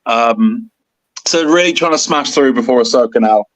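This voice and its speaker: A man co-hosting a podcast in casual chat, excitable and rambling, with bursts of enthusiasm. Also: medium pitch, normal speed, dry recording, rough recording. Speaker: podcast co-host.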